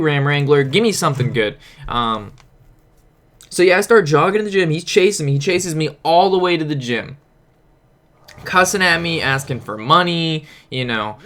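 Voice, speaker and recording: A man's voice: on the high side, lively intonation, moderate pace, fairly bright tone. A young man casually telling a rambling, profane story while commenting on a card game. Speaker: gaming streamer.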